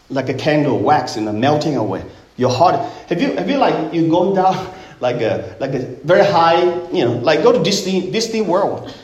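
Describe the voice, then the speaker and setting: Middle-aged pastor guy preaching, pitch swings all over, big echoey church sound. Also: a little mellow. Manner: emphatic, rhetorical questions to the congregation. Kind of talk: Easter sermon. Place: church sanctuary. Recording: roomy echoing sanctuary.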